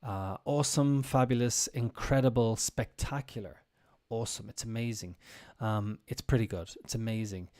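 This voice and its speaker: A man's voice: medium pitch, moderate pace, darkish tone. A man teaching English in a casual live-streamed lesson, explaining step by step with frequent ums and restarts.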